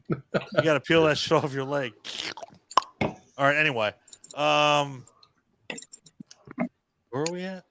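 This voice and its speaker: A man's voice: fairly high pitch, slow pace, pauses often, noisy background. A man hosting a live online hangout, chatting casually in a joking, profane and rambling way. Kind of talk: casual chat.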